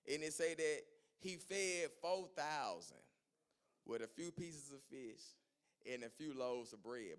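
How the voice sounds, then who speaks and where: A male pastor preaching a sermon, retelling scripture as lively storytelling in casual everyday speech. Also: fairly high pitch.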